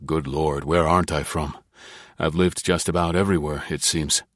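A man playing a composed, evasive neighbor with a deep, low voice. He speaks politely but coolly and gives little away. The recording is dry and close, in audiobook style. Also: normal speed, no echo. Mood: guarded. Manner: calm, polite, dry and dubious. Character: tall, guarded, evasive male neighbor.

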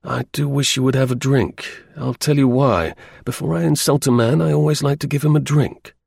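A man reading the part of a blunt, restless young gentleman, in a clipped upper-class manner. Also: medium pitch, moderate pace, vocal fry, slightly rough, no echo, clean studio sound, voice pushed up.

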